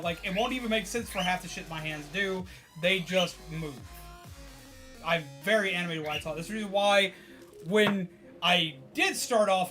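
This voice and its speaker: Bright-voiced excitable male streamer. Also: high voice. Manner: excitable, swears a lot, laughs often. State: tired. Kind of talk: casual chat to viewers.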